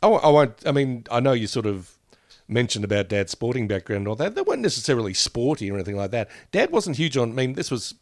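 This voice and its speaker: A man's voice: mid-range voice, very animated, fast talker, no room sound, clean studio sound. A man co-hosting a podcast, meandering through memories with frequent laughs. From Australia. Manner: meandering, reminiscing, laughs often. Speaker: podcast co-host. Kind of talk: casual chat.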